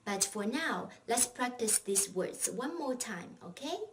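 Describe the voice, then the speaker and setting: Woman teacher, slightly high and very animated, unhurried drill pacing, mic a little distant with faint hiss. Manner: patient, clear drill-style teaching with repeat-after-me prompts. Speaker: Chinese language teacher. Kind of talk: recorded language lesson.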